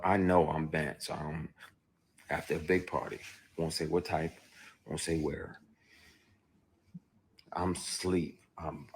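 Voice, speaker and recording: A man's voice: very deep voice, a little hiss or hum. A man, an actor, telling a personal story bluntly and emotionally, with frequent profanity and restarts. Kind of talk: candid first-person storytelling.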